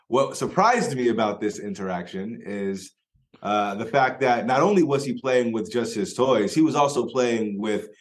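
A man co-hosting a podcast, telling a story in a relaxed, wry way with lots of pauses and restarts. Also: lowish voice. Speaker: podcast co-host. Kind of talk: casual storytelling.

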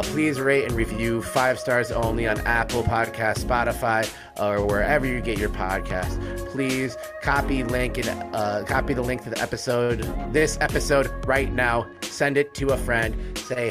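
A man hosting a college sports fan podcast, signing off in a loose, joking way with lots of fillers and cursing. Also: medium pitch. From United States. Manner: rambling, joking, swears freely, many fillers. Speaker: podcast host.

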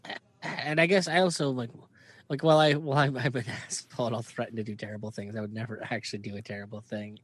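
A man's voice: mid-range voice, fairly even intonation, fast talker. A man talking in a blunt, matter-of-fact way in casual chat, mocking himself at times.

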